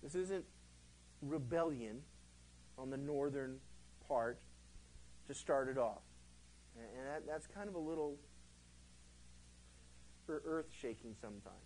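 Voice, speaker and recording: A male pastor teaching verse by verse through a Bible book in a conversational, animated way, acting out the quotes he tells. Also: medium pitch, slow pace, long pauses, slight background noise, poor audio.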